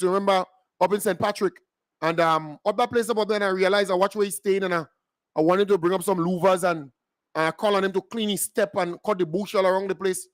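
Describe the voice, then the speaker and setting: A man's voice: high-pitched, dry recording, studio quality. A man with a Grenadian accent hosting a show, delivering a mocking political rant full of emphatic repetition.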